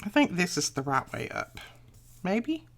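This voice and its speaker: A woman's voice: fairly low pitch, wildly swooping pitch, unhurried, creaky, a little hiss or hum. An older woman, chatting casually and folksily while she walks through a crafting tutorial, thinking aloud as she works. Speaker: crafting channel host.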